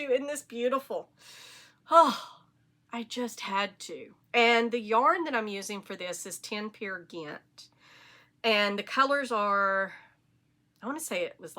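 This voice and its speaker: A woman's voice: medium pitch, bright, forceful tone. A woman with a Southern US accent hosting a knitting podcast, chatting casually and rambling with enthusiasm. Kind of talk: casual chat.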